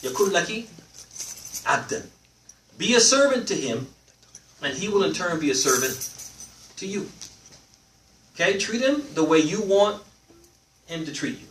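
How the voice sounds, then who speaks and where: A man with a bright, fairly high voice teaches a live religious class in an animated way, throwing questions back at his listeners. His pitch rises and falls a lot. The recording is roomy and picked up from some distance, with faint noise behind. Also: unhurried, long pauses. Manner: animated, asks the audience questions and lets them answer. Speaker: Islamic teacher.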